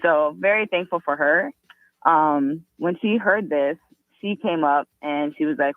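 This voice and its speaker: A woman calling a radio show for the first time, telling a personal story earnestly and quickly. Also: low voice, dry recording. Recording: tinny phone line.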